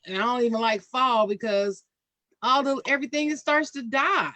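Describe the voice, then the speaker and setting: A woman's voice: fairly high pitch, moderate pace, crowd noise. A woman from Ohio hosting a casual podcast chat, talking emphatically and repeating her points. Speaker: podcast host.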